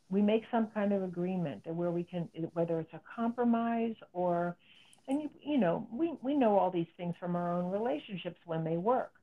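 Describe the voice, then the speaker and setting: A woman's voice: lowish voice, normal speed. A middle-aged woman psychotherapist explaining as an interview guest, earnest and explanatory. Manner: earnest, explanatory, acts out quoted speech. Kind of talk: interview conversation. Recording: phone-like narrow sound.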